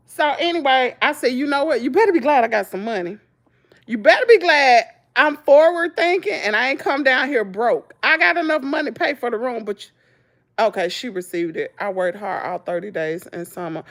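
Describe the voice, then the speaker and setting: A woman's voice: high-pitched, normal speed. A Southern American woman vlogger telling a story in casual chat, acting out what people said and laughing often. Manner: animated storytelling, acts out quotes, frequent laughter.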